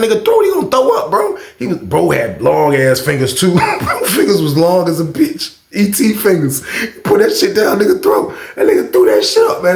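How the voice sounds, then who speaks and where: Male storyteller, fry in the voice, roomy sound, loose and animated retelling. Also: a little high. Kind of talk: casual storytime monologue.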